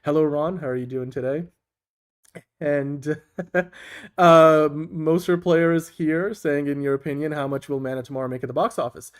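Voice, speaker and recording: A man's voice: a little high, steady tone, moderate pace. A man co-hosting a casual online talk show, upbeat and laughing often, with frequent restarts. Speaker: co-host. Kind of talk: casual chat.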